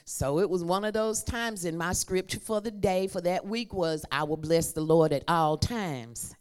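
A woman's voice: fairly low pitch, moderate pace, smooth. A woman preaching a conversational sermon and calling on the congregation to repeat her words. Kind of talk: sermon with call and response.

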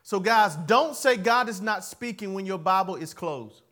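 High-voiced man preaching with call-and-response. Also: animated, moderate pace. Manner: call-and-response preaching, swings from soft asides to loud emphatic lines; playful, laughs at his own jokes. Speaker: pastor. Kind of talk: sermon.

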